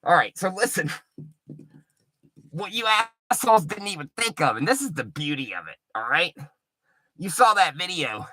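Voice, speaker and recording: Brief: middle-aged male streamer, taunting and foul-mouthed, bright forceful tone, very dry sound. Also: fairly high pitch, big pitch swings, moderate pace, long pauses, no echo. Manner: profane, taunting and mocking. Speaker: livestreamer. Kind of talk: rambling livestream rant.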